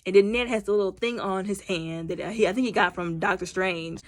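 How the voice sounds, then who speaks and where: A woman giving a casual movie review, talking in a chatty, animated way full of slang and fillers. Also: medium pitch, a little fast. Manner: animated, acts out scenes in quoted voices.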